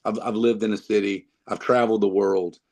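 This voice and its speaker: A man's voice: fairly low pitch, steady tone, a little fast, a little mellow. A man with a North Carolina Southern accent, chatting as a podcast guest and rambling with many fillers and restarts. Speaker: guest musician. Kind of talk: casual podcast chat.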